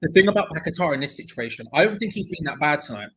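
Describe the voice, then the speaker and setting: A man's voice: on the high side, lively intonation, very fast, a bit bright, slight background noise, poor audio. A young man hosting a live football watch-along, chatting, joking and reading out viewer comments. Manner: chatty, jokey, reads viewer comments aloud.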